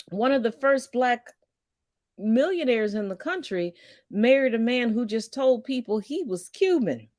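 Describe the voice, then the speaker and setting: A woman of Caribbean background hosting a casual conversation, playful and lively. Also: fairly high pitch, measured pace, pauses often, dry recording, studio quality. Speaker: host.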